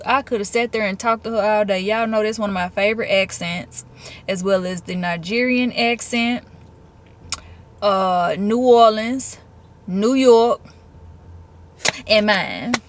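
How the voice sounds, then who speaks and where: A woman's voice: mid-range voice, unhurried, slight background noise. A woman, chatting expressively to her viewers in a casual vlog. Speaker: vlogger.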